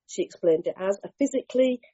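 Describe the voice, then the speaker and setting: A woman sharing her recovery story at a meeting, candid and lively, acting out scenes with slang and the odd swear. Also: medium pitch, fast talker. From Bristol, England. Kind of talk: animated personal storytelling. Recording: dull lo-fi meeting recording.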